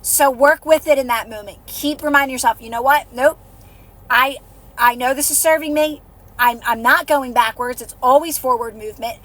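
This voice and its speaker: A woman's voice: high-pitched, moderate pace. A woman hosting a live stream, giving soothing, repetitive encouragement in a casual coaching talk. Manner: soothing, repetitive, encouraging, drops softer when guiding calm. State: out of breath. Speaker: livestream host and manifestation coach.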